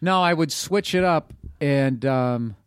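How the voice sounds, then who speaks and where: Rambling comedian, dry mic. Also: male voice, a little high, slow, clear, resonant tone, dry recording. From Boston. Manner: rambling, loose storytelling with many fillers. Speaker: comedian guest. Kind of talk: casual podcast conversation.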